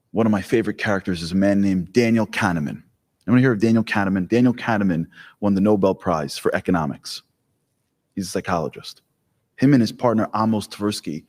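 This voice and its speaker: Brief: lively male speaker, storytelling with jokes, live talk, long reverb of a hall. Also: lowish voice. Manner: animated, joking storyteller. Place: hall with an audience.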